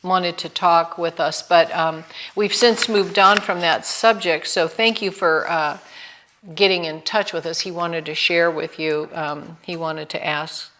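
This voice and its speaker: A woman hosts an online video call in a slow, unhurried manner. Her voice sits a bit low, and she speaks with friendly, measured care. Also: fairly even intonation, pushed and bright, a little hiss or hum. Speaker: host.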